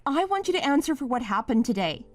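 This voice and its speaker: A woman's voice: high voice, very animated, normal speed, faint music behind. A woman voicing a wife named Mia in a scripted drama, pleading at first and then sharply accusing her husband. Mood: furious.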